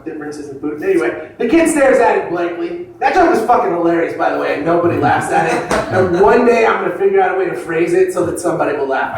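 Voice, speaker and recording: A young man with a fairly high voice works an open-mic stand-up set, spinning wry, self-deprecating stories. He sounds a little far from the mic. The room around him is very echoey, with faint noise underneath.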